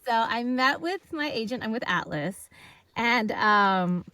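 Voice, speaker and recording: A woman guest on a podcast, telling her story in a casual, animated way, acting out the people she quotes and laughing often. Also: fairly high pitch, slow pace, dry recording.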